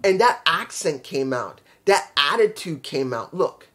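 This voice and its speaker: A man's voice: a little high, big pitch swings, measured pace, a bit bright. Emphatic rambling young man. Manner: rambling, emphatic, repeats points. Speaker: wrestling show reviewer. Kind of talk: casual solo review.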